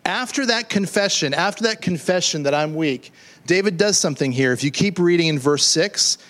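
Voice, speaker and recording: A man's voice: fairly high pitch, expressive, moderate pace, a bit bright. A middle-aged man preaching a sermon as pastor, conversational and joking, often repeating words as he builds a point.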